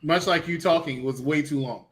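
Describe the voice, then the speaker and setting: A man with a bright, somewhat high voice. He rants with energy about what annoys him, jumping in with strong opinions during a casual review chat. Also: normal speed. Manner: animated ranting opinions. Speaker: podcast co-host.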